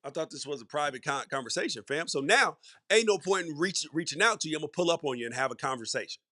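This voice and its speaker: A man's voice: on the high side, lively intonation, quick pace, pushed and bright, no room sound, clean studio sound. A middle-aged man hosting a sports podcast, giving solo commentary in a conversational, emphatic way and repeating words for stress. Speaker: podcast host.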